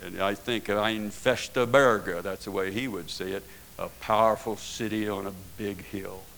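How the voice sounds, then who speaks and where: Folksy gravelly male preacher. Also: sits low, fairly even intonation, normal speed, a bit bright, slight background noise, low-quality recording. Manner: folksy, ends points with tag questions like "see?". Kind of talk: sermon.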